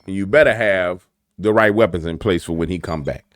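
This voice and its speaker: Male commentator, low and lively, emphatic monologue, dry close recording. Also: brisk, dry recording. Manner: emphatic, acts out dialogue. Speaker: political commentator. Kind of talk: casual monologue.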